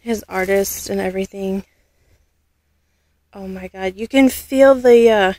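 A woman vlogging an unboxing, gushing and halting, often losing her words. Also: medium pitch, darkish tone. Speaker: vlogger unboxing a reborn doll. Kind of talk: casual unboxing vlog.

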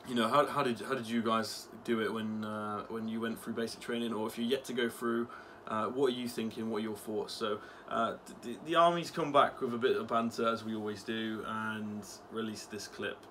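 A man's voice: on the low side, fairly even intonation, brisk, few pauses, a bit bright, a little hiss or hum. A young man, an ex-soldier vlogger, talking casually with swearing and lots of fillers. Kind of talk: casual commentary vlog.

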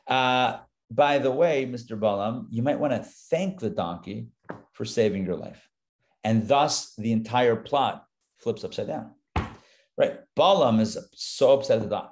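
A man's voice: medium pitch, unhurried, darkish tone. A male rabbi teaching a live Torah class, talking conversationally and dropping joking asides as he reads the text.

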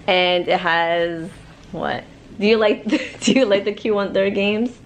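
A woman's voice: medium pitch, takes it slowly, a little hiss or hum. A woman vlogging casually as a mom, chatting through a product plug and reading game cards aloud to her child. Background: background music.

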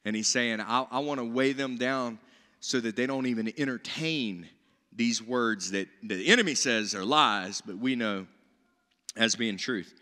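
A man preaching a sermon in a church, animated, with rising emphasis and paraphrased voices of biblical people. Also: mid-range voice, a little slow. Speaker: pastor. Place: church sanctuary. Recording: church hall reverb.

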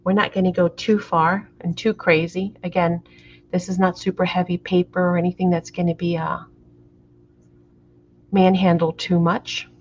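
A woman's voice: lowish voice, level tone, moderate pace, slight background noise. Middle-aged woman, live craft demo, chatty, apologetic, muffled lo-fi audio. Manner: chatty, checks in with viewers often; apologetic, flustered by the camera framing. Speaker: craft tutorial host. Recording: dull lo-fi sound.

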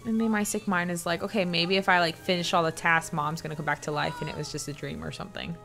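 A young woman commenting casually on a game she plays, chatty and excitable. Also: lowish voice, fast, vocal fry. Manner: chatty, excitable, reacting with gasps and laughter. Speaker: gameplay streamer. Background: game music.

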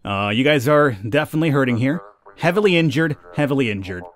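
Young male let's-play host, lively chatty commentary, middle pitch. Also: fast. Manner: chatty, laughs at callers, talks to units. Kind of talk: casual gameplay commentary.

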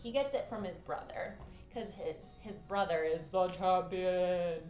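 A woman's voice: lowish voice, measured pace, a little mellow, echoey room, faint music behind. A woman streamer casually commenting on a video game, reading the game text aloud, swearing and joking as she goes.

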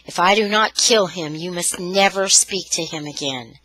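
A hot-tempered young man from a storybook reading, harsh and clipped, his voice pushed low by the woman reading. The tone stays bright and crisp, recorded close and dry with no room sound. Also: normal speed, no room sound, rough recording. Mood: angry.

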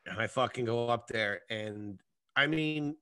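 A man, a comedian guest, telling a rambling, profane story in a casual, animated way. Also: mid-range voice, measured pace, clean tone, no echo, clean studio sound. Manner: profane, animated, acts out scenes.

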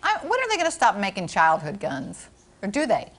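A woman's voice: medium pitch, huge pitch swings, a little fast, a bit bright. A woman co-hosting a morning show, musing aloud and reacting in casual banter. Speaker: news co-host.

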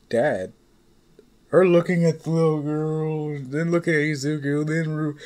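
A man's voice: a little high, steady tone, a little slow, darkish tone. A man casually retelling a fan fiction story in a rambling, off-the-cuff way, swearing freely.

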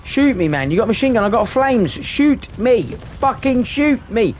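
A man's voice: high voice, big pitch swings, normal speed, slight background noise. A man giving live commentary on his gameplay, ranting in frustration and swearing constantly. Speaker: gaming video creator.

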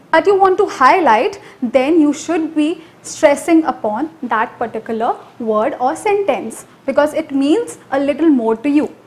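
A young woman with an Indian English accent teaching an online exam-prep lesson in an energetic, emphatic way, pausing to promote her course. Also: sits high. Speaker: IELTS tutor.

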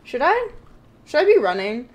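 Woman streamer, slightly high voice, talkative and jokey with chat, nervous through the game. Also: very animated, normal speed. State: jittery, scared. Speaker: gaming streamer. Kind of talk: live-streamed game commentary.

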